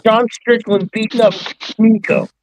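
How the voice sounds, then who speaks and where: A man's voice: sits high, a little slow, dry recording, low-quality recording. Eager man on a dry call. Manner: excitable, eager, swears. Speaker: panel guest. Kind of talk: casual profane chat. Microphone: streaming call.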